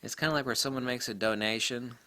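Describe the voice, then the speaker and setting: A man's voice: medium pitch, fairly even intonation, fast, bright, forceful tone. A man ranting casually to camera about photography, rambling and incredulous, laughing often. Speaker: photography vlogger.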